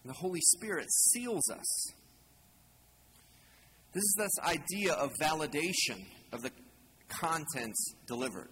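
A man's voice: fairly high pitch, expressive, unhurried, long pauses, pushed and bright. A man preaching a conversational sermon as a pastor, casual and joking, asking the congregation questions. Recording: long hall reverb, faint ambient noise.

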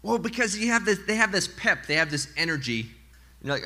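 A man preaching a sermon as pastor to a congregation, animated and mixing in joking asides. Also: high-pitched, fairly quick. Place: church in front of a congregation.

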